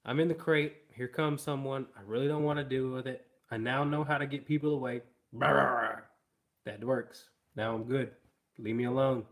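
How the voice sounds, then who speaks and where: A man's voice: medium pitch, fairly even intonation, normal speed, lightly acted. A man voicing the inner thoughts of a wary male dog, in a casual, self-talking way. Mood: grumbly.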